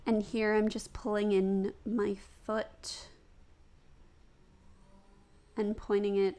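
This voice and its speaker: Slow, chatty young woman vlogger. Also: medium pitch, level tone, dark tone. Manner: casual, chatty, laughs at herself. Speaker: yoga vlogger. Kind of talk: voice-over commentary on yoga practice.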